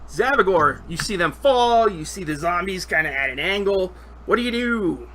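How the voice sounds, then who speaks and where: A man's voice: high-pitched, animated, normal speed, a bit bright, slight background noise. A man running a tabletop game as game master, narrating the action and thinking aloud over dice with easy chuckles.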